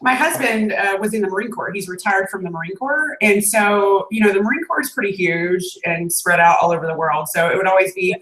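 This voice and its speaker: A woman's voice: mid-range voice, brisk, few pauses, fairly bright tone, reverberant, low-quality recording. A woman with an American accent chats in a friendly way, laughing often, as co-host of a live video call. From United States. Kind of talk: casual chat on a live stream. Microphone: webcam on a video call.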